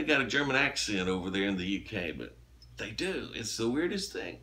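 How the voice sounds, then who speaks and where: Rambling folksy man, lowish voice. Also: sing-song, moderate pace, sharp tone. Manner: rambling and folksy, with frequent fillers. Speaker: YouTube channel host running a giveaway. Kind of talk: casual chat to camera.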